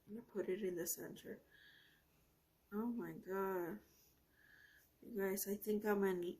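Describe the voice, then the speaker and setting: A woman talks slowly and unhurriedly as she swatches paints at her art desk. She gushes over each color and often breaks off mid-sentence. Her tone is casual and chatty, like a host talking straight to her viewers. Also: medium pitch, darkish tone. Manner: gushing, effusive, often trails off mid-sentence. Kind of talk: casual product review while swatching.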